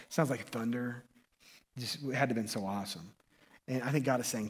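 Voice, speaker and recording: A man preaching a sermon as pastor, casual and excitable, often restarting and tagging lines with "right?". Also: medium pitch, brisk, husky. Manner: conversational, excitable, frequent restarts and "right?" tags.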